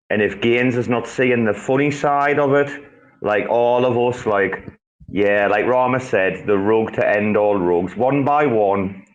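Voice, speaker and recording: A man hosting a casual group chat who laughs often and swears freely through excitable banter. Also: lowish voice, muffled recording. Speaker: host.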